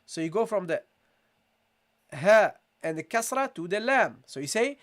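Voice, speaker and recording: A man's voice: sits high, sing-song, fairly bright tone. Brief: male recitation teacher, patient step-by-step tajweed lesson, stretches syllables when modeling, calls his students "guys". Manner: explains step by step, drawing out syllables slowly as models; often says "okay" and addresses listeners as "guys".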